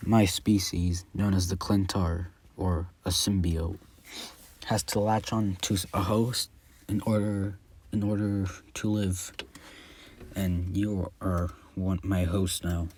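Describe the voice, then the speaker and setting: A man voicing a menacing male alien symbiote creature, speaking calmly in a voice only slightly lower than his own. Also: slow pace, husky, exaggerated voice.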